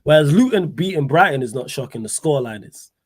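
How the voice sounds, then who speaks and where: A man's voice: a little high, expressive, quick pace. A man hosting a casual football chat livestream, playful and joking with his viewers. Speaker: host.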